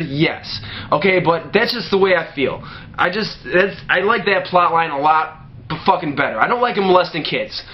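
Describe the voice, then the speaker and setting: A man's voice: on the high side, highs cut off. A man delivering a profanity-laced movie rant to camera, filling his talk with "you know" and restarting his sentences. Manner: heavy swearing, many "you know" fillers, restarts. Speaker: movie ranter.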